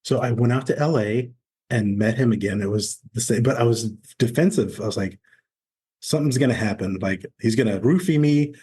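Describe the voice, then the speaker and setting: A man's voice: mid-range voice, a little fast, husky. A man in his forties, a former Navy SEAL, candidly telling his story as a podcast guest and acting out the voices of people he met. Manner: candid, animated storyteller acting out quoted dialogue. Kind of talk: conversational storytelling interview.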